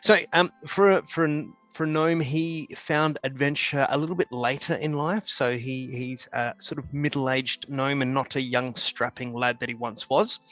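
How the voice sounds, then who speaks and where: A man playing in a tabletop game, describing his character at a middle pitch. He hesitates constantly, restarting his sentences, and faint music runs behind him. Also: a bit bright, no echo. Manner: hesitant, many fillers and restarts. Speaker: player.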